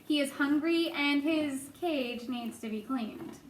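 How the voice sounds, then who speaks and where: Woman reading a calm, kindly camp aunt. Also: high voice, slow, reverberant, slight background noise, poor audio. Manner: gentle and calm.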